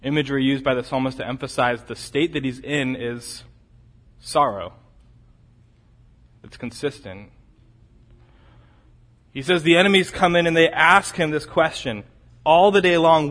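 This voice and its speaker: A male preacher with a fairly high voice delivers an expository sermon. He leans hard into emphatic lines, then sinks to near-quiet, low phrases, and he repeats key phrases to drive a point home. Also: expressive, a little slow, long pauses, in a large hall. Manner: emphatic, swings between loud urgent peaks and quiet low drops.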